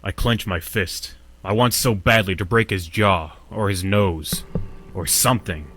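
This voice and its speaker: A man's voice: sits low, unhurried, fairly bright tone, slight background noise. An actor playing a betrayed young man who narrates his own story in first person in a video game. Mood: anxious.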